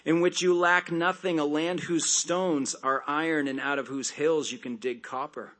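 Pastor guy reading bible verses then chatting about them, kinda high voice, jokey asides. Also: fairly even intonation, fairly bright tone. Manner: conversational, with quick jokes and asides. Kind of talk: expository sermon with scripture reading.

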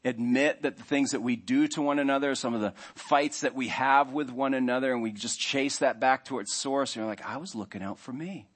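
A man preaching in a relaxed, conversational way. His voice sits at an ordinary middle pitch, and he slips into short, acted-out inner voices to make his points. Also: brisk, few pauses. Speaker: pastor. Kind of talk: sermon.

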